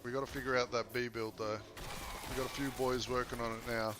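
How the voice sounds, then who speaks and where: A man's voice: medium pitch, little pitch movement, a little fast. A man casually chatting and joking with viewers during a game stream. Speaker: gaming streamer. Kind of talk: casual live-stream chat. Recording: noisy background.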